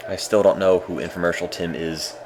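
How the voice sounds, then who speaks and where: Deadpan male game streamer, very low voice, dry humor, faint ambience behind. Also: brisk, noisy background. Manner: deadpan, dry self-mocking. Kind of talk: casual live-stream commentary.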